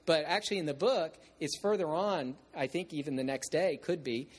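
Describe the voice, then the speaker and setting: A man preaches by retelling a novel, his voice sitting a little higher than most men's. He reads aloud with expressive shifts, stumbling into restarts now and then. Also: normal speed, husky. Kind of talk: sermon retelling and reading a novel.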